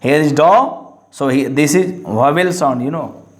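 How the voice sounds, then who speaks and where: A man explaining an English lesson, his voice sitting a little high for a man. He talks in a halting, repetitive way, full of fillers. The room around him rings with echo. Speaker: English teacher.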